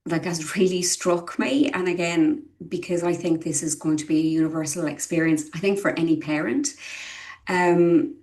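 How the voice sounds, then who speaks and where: A woman's voice: lowish voice, fairly even intonation, normal speed, darkish tone. A middle-aged woman, a parent, speaking candidly and earnestly as an interview guest, often restarting her sentences as she searches for words. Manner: earnest and emotional, with frequent restarts and hesitations. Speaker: guest, parent of a child with dyslexia.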